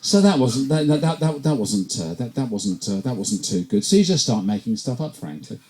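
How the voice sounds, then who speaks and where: A man's voice: mid-range voice, expressive, normal speed, a little mellow. A man from England doing a stand-up set at a pub comedy night, rambling and self-deprecating, often tripping over and repeating his words.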